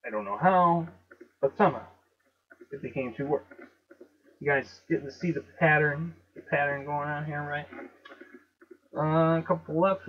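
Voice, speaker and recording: A man with a Chicago accent and a slightly high voice talks to his viewers at an unhurried, deliberate pace. He leans hard on words, repeats them and spells out letters one by one. The recording sounds dull and lo-fi. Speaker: video host. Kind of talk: casual monologue to viewers.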